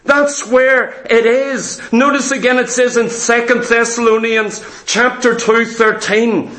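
A man's voice: very high-pitched, steady tone, unhurried, a bit bright. A man preaching a sermon, telling a story with emphatic repetition. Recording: echoey hall.

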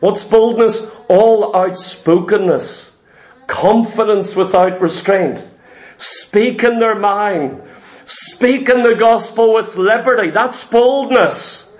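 High-voiced man preaching emphatically. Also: slow. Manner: emphatic, repetitive preaching cadence. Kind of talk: sermon.

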